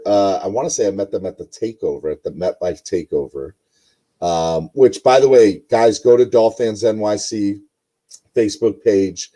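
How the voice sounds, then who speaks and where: A man's voice: deep voice, mellow. A young man hosting a casual sports podcast, rambling with lots of ums and uhs. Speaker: podcast host.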